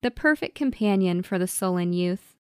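A woman's voice: on the low side, lively intonation, moderate pace, clear, resonant tone, no room sound. Female storybook narrator, wry and dramatic, dry close sound.

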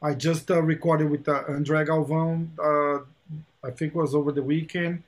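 A man hosting a podcast, chatting casually and telling animated stories, acting out quoted exchanges and swearing now and then. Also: on the high side, moderate pace. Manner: swears casually, repeats words when excited. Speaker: podcast host. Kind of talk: casual chat.

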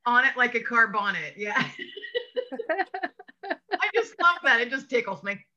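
An American woman hosting a podcast interview, friendly and quick to laugh. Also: on the high side, very animated, pushed and bright, muffled recording. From United States. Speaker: podcast host. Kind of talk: casual interview.

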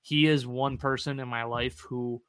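A man co-hosting a casual podcast about real estate, animated and candid, acting out his past self and swearing freely. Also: medium pitch, a little slow, clear, resonant tone, no room sound.

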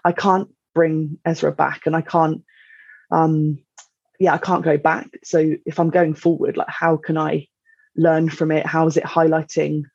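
A woman talks as a podcast guest, reflective and halting with many fillers. Her voice is husky and fairly flat in pitch. The recording sounds dull, dry and lo-fi. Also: no echo. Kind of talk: candid conversation.

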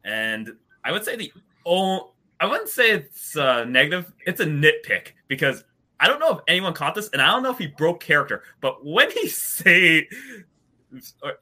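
Animated man with a bright voice. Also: fairly high pitch, normal speed. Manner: animated, laughs while talking. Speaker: podcast panelist. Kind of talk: casual movie discussion.

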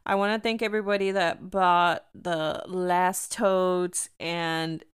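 A woman's voice: fairly low pitch, steady tone, slow, smooth. A young woman hosting a podcast, telling a casual story full of "like" and mixing English with Spanish. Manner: chatty, switching between English and Spanish, lots of "like". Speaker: podcast host.

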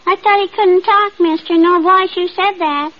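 A woman voicing an eager little girl in a 1950s radio comedy, slow and full of childish awe. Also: very high voice, fairly even intonation. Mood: curious. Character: eager little girl, sweet and wide-eyed. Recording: dull 1950s radio transcription.

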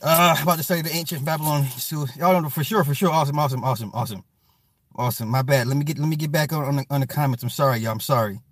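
A man's voice: fairly high pitch, racing, no room sound. A man hosting a casual livestream, reading comments in a loose, profane way and often repeating apologies and fillers.

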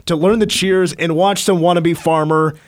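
A man's voice: fairly high pitch, steady tone, normal speed. A man from Kansas hosting a sports radio show, joking and opinionated as he counts down a list. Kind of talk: casual sports talk.

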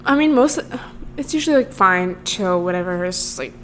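A woman's voice: on the low side, animated, moderate pace, a little hiss or hum. A young woman in her twenties hosting a podcast, rambling through a casual story with lots of filler words. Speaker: podcast host. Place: Los Angeles.

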